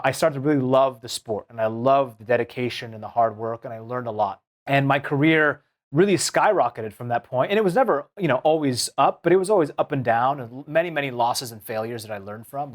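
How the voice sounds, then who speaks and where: A man in his thirties from Seattle, telling stories from his life as a guest in an interview, acting out the quotes. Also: medium pitch. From Seattle, United States. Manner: animated storytelling, acts out quotes. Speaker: guest, former Olympic speed skater. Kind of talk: storytelling in a podcast interview.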